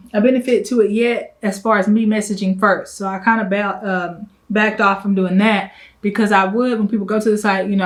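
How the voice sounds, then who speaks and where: A young woman who runs a travel agency, chatting fast and a little breathless to camera in a casual vlog, full of fillers and asides. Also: medium pitch, poor audio. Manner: fast, rambling, breathless talk. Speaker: travel agent business owner.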